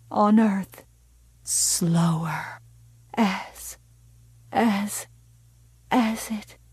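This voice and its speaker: A woman voicing a wounded young woman with strange powers, speaking in a slow, cold, soft whisper. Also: medium pitch, husky, no echo, studio quality.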